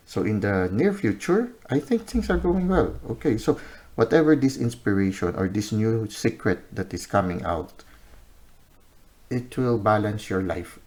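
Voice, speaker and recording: A man giving an unscripted tarot reading to camera, unhurried, pausing on "uh" and often ending points with "no?" or "okay?". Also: lowish voice. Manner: unhurried, many "uh" pauses, often ends with "no?" or "okay?". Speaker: tarot reader.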